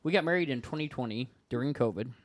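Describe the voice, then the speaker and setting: A man talking casually as a podcast guest, spinning a story and slipping into voices for each person he quotes. His pitch swings widely as he talks, and the close microphone sounds dry with no room echo. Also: fast. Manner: animated, acts out dialogue in voices.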